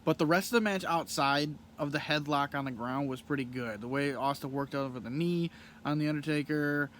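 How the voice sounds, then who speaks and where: A young man hosting a podcast, recapping and reviewing a match in a casual, rambling way with many pauses and restarts. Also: medium pitch, fairly bright tone, slight background noise. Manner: rambling, frequent ums and restarts.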